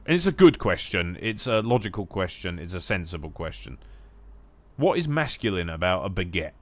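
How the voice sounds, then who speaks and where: A young man from England riffs casually while he plays, wandering off topic and joking freely. His voice sits low but his pitch jumps around a lot, often bursting into loud shouty bits. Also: big pitch swings, normal speed. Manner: jokey, rambling, sweary, swings to loud mock-German shouts. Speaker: gaming streamer. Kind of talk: casual chat while gaming.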